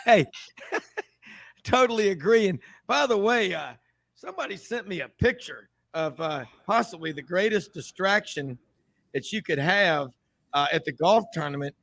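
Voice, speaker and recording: A man hosts a sports talk show, his voice a touch high and the sound dry and close. He talks in a chatty, rambling way and laughs easily. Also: expressive, measured pace, gravelly, a bit bright, no room sound.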